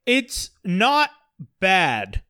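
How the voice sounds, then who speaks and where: A man co-hosting a casual movie chat, rambling and animated, often slipping into mock voices. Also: high-pitched, extremely slow, clear, resonant tone, no room sound.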